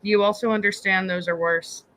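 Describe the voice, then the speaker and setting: A man's voice: high voice, fairly even intonation, moderate pace, bright, forceful tone, low-quality recording. A man co-hosting a casual podcast, flustered and joking, swearing a lot, on a laptop mic. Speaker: podcast co-host. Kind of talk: casual chat. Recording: laptop mic with faint noise.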